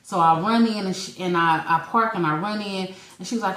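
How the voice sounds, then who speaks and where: Lively woman in her forties telling a story. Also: medium pitch, brisk. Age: 40s. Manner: animated storyteller, acts out quotes, laughs often. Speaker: podcast co-host. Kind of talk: casual storytelling chat. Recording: echoey room.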